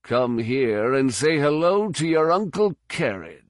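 A man voicing a brawny, gleeful male mercenary who taunts loudly and wheezes in an audiobook. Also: mid-range voice, very animated, unhurried, no echo, studio quality, pitched above the performer's own voice. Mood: taunting.

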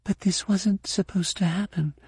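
A man's voice: a little high, lively intonation, normal speed, a little mellow, breathy edge, no room sound, studio quality, pitched above the performer's own voice. A man doing a tense, proud young woman. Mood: whispering.

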